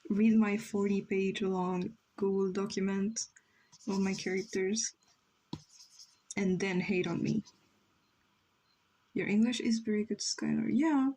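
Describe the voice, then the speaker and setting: Mellow-voiced young woman chatting on stream. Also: mid-range voice, steady tone, slow, pauses often, rough recording. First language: Spanish. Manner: rambling, reads chat aloud, many "like" fillers. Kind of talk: casual livestream chat while drawing.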